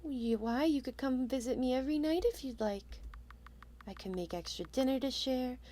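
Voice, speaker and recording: A woman voicing a lonely, gentle witch who longs to be a mother again, speaking softly and tenderly. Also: a little high, very animated, measured pace, a little hiss or hum. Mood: wistful. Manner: soft, tender, wistful. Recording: game music behind.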